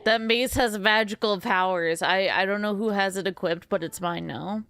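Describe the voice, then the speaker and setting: Drowsy woman streamer, rambly and giggly with chat, smooth voice in a dead-dry room. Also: medium pitch, normal speed, a bit bright, no room sound. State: sleepy. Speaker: game streamer. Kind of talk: casual gameplay commentary.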